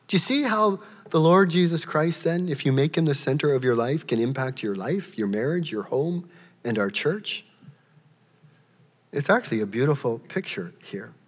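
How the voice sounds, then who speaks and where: A man preaching a sermon in a church, emphatic, his voice jumping high as he acts out quotes. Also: husky, long reverb tail. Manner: emphatic, rising to a high pitch when acting out quotes. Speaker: pastor.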